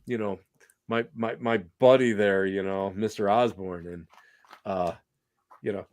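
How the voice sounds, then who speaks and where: A man's voice: on the low side, a little slow. A man, a podcast guest, telling anecdotes in casual conversation and acting out the people in them. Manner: animated, acts out voices in anecdotes.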